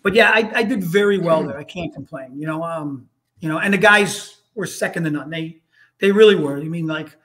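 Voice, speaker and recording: Brief: fifties New man, high voice, loose anecdotal podcast guest. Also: a little fast, crowd noise. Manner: rambling, repeats words, frequent "you know". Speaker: podcast guest, retired fire lieutenant. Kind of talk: casual storytelling chat.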